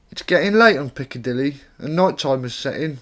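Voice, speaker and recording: A man's voice: fairly high pitch, a bit bright. A man from Staffordshire, an author reading his own rhyming poems aloud in a plain, conversational way, with casual spoken introductions between them. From Staffordshire, England.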